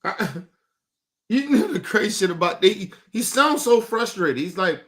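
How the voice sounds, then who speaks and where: A man with a high, bright voice hosts a live stream. He rants bluntly in casual commentary, with plenty of profanity, and his voice keeps jumping higher as he presses his points. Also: a little slow. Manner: blunt, profane, animated ranting. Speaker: streamer host.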